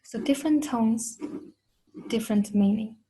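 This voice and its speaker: A woman's voice: on the high side, unhurried, warm tone, breathy edge, rough recording. A woman with a Chinese accent teaching a beginner lesson, patiently repeating each sound twice. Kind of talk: slow, careful language lesson.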